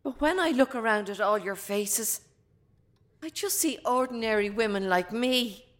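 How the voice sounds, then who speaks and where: A woman's voice: a little high, normal speed, slight background noise, lightly acted. An actress in her seventies with an Irish accent playing a fierce, defiant grandmother in prison. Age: 70s. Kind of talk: film drama acting.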